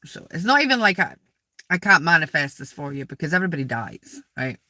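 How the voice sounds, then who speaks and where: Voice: mid-range voice, big pitch swings, a little fast, sharp tone, no echo. A spiritual vlogger sitting outdoors in a graveyard, rambling casually to viewers, repeating words and asking them questions.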